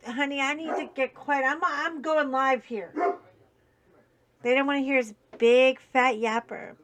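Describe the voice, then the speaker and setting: Woman on a live stream, slow and emphatic, bright sharp voice, ranting indignantly. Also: high voice, fairly even intonation. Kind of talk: casual live chat while coloring.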